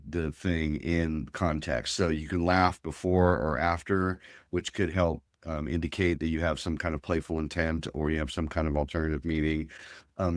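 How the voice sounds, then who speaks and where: A man's voice: sits low, no echo, clean studio sound. A man as a guest researcher, explaining his work in a thoughtful interview with many fillers and restarts. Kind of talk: academic interview talk.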